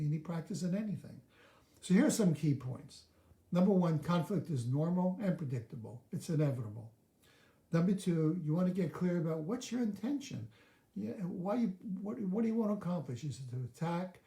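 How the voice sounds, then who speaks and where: Warm-voiced male coach in a roomy space. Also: a little high, animated, moderate pace. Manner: instructive, walks through steps and acts out sample dialogue. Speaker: relationship coach. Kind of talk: live video coaching talk.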